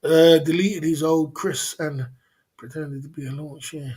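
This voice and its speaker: A man's voice: a little high, steady tone, measured pace, a little mellow. A man hosting a casual livestream, rambling and laughing a lot, with plenty of slang. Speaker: livestream host.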